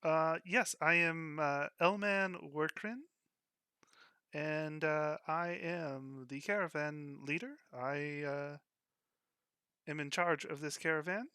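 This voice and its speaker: A formal male dragonborn caravan leader answers in a stiff, halting way, as a man voices him. His voice sits fairly high and sounds very bright. The sound is dry and close. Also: clear, resonant tone, no echo.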